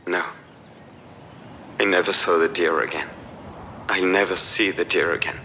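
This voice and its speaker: A weary, withdrawn grown man in a story game. His voice sits very low yet has a bright, forceful edge. He talks in a subdued, tired way. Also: steady tone, unhurried, a little hiss or hum. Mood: somber. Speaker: game character. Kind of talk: video game voice acting.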